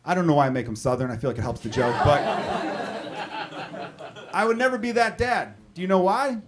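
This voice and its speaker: Recorded live at a club, a comedian in his thirties works the crowd with profane, conversational stand-up, speaking fairly quickly in a voice on the high side. He holds a stage mic, and audience laughter makes the background noisy.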